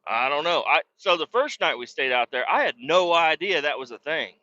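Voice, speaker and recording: Brief: male podcast host, sharp, piercing voice a bit high, swears constantly, rambling, blunt, dull lo-fi recording. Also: expressive, normal speed. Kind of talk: casual storytelling.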